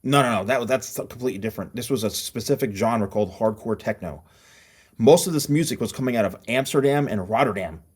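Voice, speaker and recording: A middle-aged man from New Jersey hosts a casual podcast chat. He tells long stories with energy and acts out the lines of the people in them. His voice sits at an ordinary middle pitch. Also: fast, slightly rough. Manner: animated storyteller who acts out voices in his anecdotes. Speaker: podcast host.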